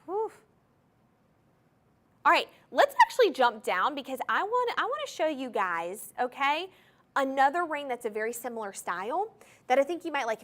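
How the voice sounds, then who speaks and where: A woman hosting a shopping channel, gushing enthusiastically as she pitches jewelry straight to viewers in a TV studio. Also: a bit bright. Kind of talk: live TV jewelry sales pitch.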